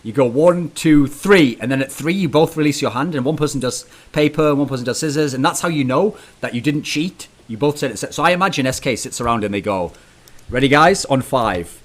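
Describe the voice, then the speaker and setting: A man hosting an esports talk show, animated and teasing as he presses his guest. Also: fairly high pitch, fast, few pauses. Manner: animated, teasing, mock-dramatic. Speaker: podcast host.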